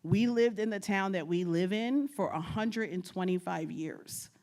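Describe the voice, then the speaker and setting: A woman from New York giving a storytelling presentation as a guest speaker, animated and often laughing as she acts out her family's words. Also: on the low side, measured pace. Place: lecture at a state archives building.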